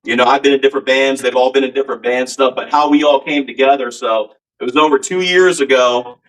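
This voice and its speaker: A male rock singer talking as a podcast guest, earnest and rambling, with lots of filler words. His pitch sits in the middle range. He sounds somewhat distant from the microphone. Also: steady tone, fast talker, fairly bright tone. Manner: rambling, earnest, many "you know"s. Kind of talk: casual storytelling interview.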